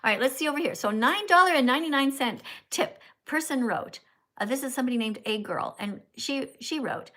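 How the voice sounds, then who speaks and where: A woman's voice: high-pitched, sing-song, a little fast, a bit bright. A woman hosting a live stream, chatting casually and lecturing her viewers in a scolding, preachy way, often ending lines with "okay?". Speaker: livestream host. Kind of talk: casual livestream chat and lecturing.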